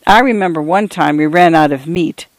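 A man reads an old grandfather who crossed the plains long ago, telling his stories slowly and always the same way. The voice sits a little high and sounds close and dry. It stays plain storybook reading rather than a big character voice. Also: dry recording, close to an everyday voice. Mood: reminiscing. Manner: slow, repeating old stories. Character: old pioneer grandfather, rambling and fond.

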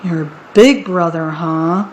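A woman's voice: lowish voice, slow pace, slight background noise. A woman reading aloud, voicing a hungry boastful male troll who chants rhymes and stammers when frightened. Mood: scheming. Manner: sing-song rhyming, stammering when scared.

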